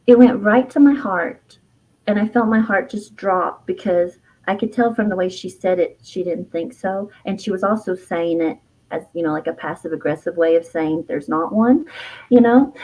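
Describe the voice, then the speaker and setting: A middle-aged woman, an herbalist and author, telling a personal story in an interview, reflective and heartfelt, with fillers and soft laughs. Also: on the low side, moderate pace, low-quality recording.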